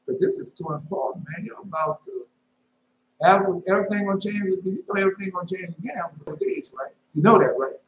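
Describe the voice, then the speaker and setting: A man preaching in an informal, emphatic way, repeating his phrases and breaking into sudden high shouts. His voice sits a little high for a man. The recording is roomy and echoey, with a faint hiss underneath. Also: sing-song, a little fast. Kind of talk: informal sermon and dream telling. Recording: echoey room with faint noise.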